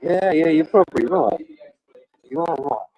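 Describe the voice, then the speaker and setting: A man's voice: on the high side, expressive, normal speed, warm tone, dry recording, dull audio. Chatty man streaming from a cafe. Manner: rambling, chatty, swears. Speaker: live streamer. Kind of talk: casual live-stream chat to viewers.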